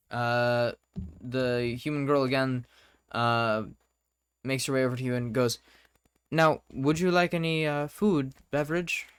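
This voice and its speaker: A man narrates a tabletop game as its game master, pausing and restarting as he finds his words. His voice is smooth and resonant at a middling pitch. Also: fairly bright tone, dry recording. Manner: halting narration, searching for words.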